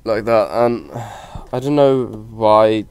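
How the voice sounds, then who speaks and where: A man from Norway with a Norwegian accent talks over a video game in an unhurried, low voice. He jokes with the characters on screen and swears casually, like a relaxed let's-play commentator. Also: clear, resonant tone.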